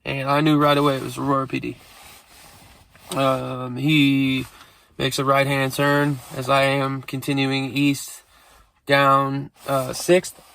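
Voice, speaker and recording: A man's voice: mid-range voice, monotone, slow pace, creaky, fairly bright tone, clean tone. A man casually telling a rambling street story, streetwise and full of profanity.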